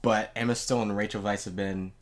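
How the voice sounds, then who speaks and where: A podcast co-host in casual chat, relaxed and wry, who starts lines with filler "uh"s while reading out nominees. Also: deep voice, a little fast.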